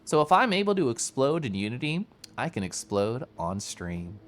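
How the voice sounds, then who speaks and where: A young man streaming a game, chatting casually with his viewers in a flowing, animated monologue and laughing often. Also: medium pitch, normal speed, slight background noise. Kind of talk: casual live-stream chat while gaming.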